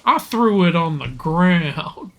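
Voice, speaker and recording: A young man hosting a casual gaming stream, trading jokes with a friend and laughing often. His voice sits high and bright, with a light hum of noise behind it. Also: lively intonation, takes it slowly. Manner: joking, laughing often, acts out quotes. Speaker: streamer and host.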